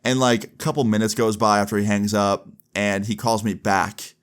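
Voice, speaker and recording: A man's voice: on the low side, flat delivery, moderate pace, clean tone. A young adult man casually narrating a personal story, full of "like" fillers and acting out quoted dialogue. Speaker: storytime vlogger.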